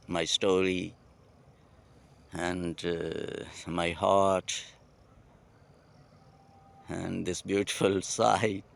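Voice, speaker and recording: Slow, heartfelt man with a Pakistani accent. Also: sits low, vocal fry, clear, resonant tone. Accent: Pakistani English. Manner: slow, heartfelt, poetic, with pauses and fillers. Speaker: vlogger. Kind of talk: emotional outdoor monologue. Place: outdoors at night on a farm.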